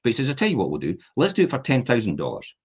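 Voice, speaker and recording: Animated husky man telling stories. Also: mid-range voice, rapid-fire. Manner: animated storyteller acting out voices in anecdotes. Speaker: podcast host. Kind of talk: casual chat. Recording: dull lo-fi podcast audio.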